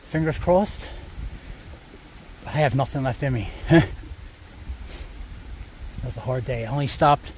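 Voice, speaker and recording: A man's voice: mid-range voice, unhurried, long pauses, a little mellow, a little hiss or hum. A man filming a casual trail vlog outdoors, chatting in a rambling way with lots of fillers. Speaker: hiker vlogger.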